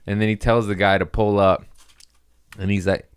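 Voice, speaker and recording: A man's voice: lowish voice, fairly even intonation, a little fast, smooth. A young man doing a crude, rambling comedy monologue as a podcast host, often laughing at his own jokes.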